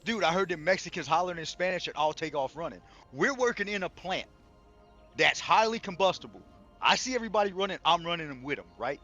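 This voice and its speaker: A man in his forties telling a profane, animated story in casual chat on a game stream. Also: on the high side, fast, dull audio, faint music behind.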